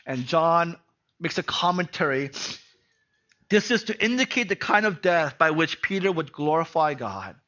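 A man delivers a sermon in a high, bright voice. He peppers his points with rhetorical questions and tag questions, dropping to a hush and then rising to loud emphasis. The recording sounds dull and lo-fi. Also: big pitch swings, normal speed. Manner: swings from hushed to loud emphasis. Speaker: preacher. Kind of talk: sermon on a Bible passage.

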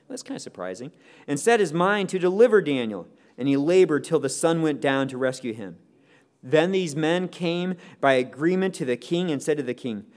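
A man teaching a Bible lesson who reads scripture aloud with feeling and breaks in with casual, informal asides and questions for the group. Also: fairly high pitch. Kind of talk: scripture reading with commentary.

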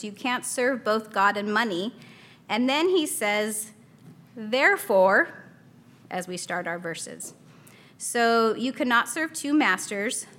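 A woman's voice: fairly high pitch, a bit bright. A woman in her thirties teaching a Bible study in a chatty, casual way, laughing often and acting out a toddler's small voice.

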